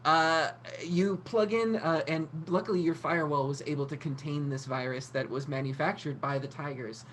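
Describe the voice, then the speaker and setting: Low-voiced woman narrating as game master. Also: moderate pace, few pauses, slight background noise. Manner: relaxed, filler-heavy narration.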